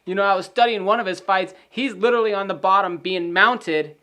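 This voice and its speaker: A man co-hosting a casual podcast, running through fighter stats in a steady listing manner. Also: sits high, fairly quick. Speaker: podcast co-host. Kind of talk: casual sports prediction chat.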